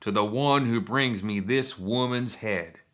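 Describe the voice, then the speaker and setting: Man doing a smug casino owner, shouting, slow drawn-out delivery, sharp bright tone. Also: medium pitch, lightly acted. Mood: gloating.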